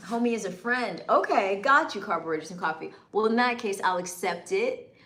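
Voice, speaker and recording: A woman's voice: medium pitch, animated, normal speed, fairly bright tone. Playful woman livestreaming in a roomy space. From northeastern United States. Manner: playful, teasing, laughs often. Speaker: livestream host. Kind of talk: casual livestream chat reading comments.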